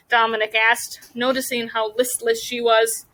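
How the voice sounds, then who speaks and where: A woman's voice: a little high, fairly even intonation, sharp tone, rough recording. A woman teacher reading a novel aloud to her class and stopping to ask the students questions. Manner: pauses to question students about the story.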